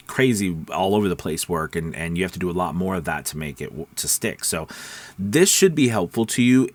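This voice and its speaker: Casual low-voiced man coaching. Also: a bit bright, no room sound. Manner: loose, repetitive, with frequent "okay" and "right" check-ins. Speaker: voice-over coach. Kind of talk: casual teaching talk to camera.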